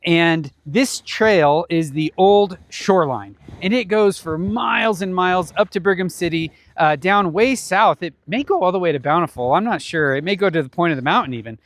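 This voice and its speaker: A man's voice: high voice, expressive, normal speed, hardly any pauses, no room sound. A man presenting for a ministry foundation, giving a casual explanatory talk outdoors on a mountain trail, conversational and chuckling now and then. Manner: conversational, with frequent small chuckles.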